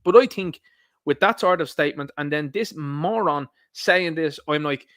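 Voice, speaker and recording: Combative man, rather high voice. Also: moderate pace, a bit bright, no room sound, studio quality. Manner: combative, sweary, ranting. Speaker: political commentator. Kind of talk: solo commentary vlog.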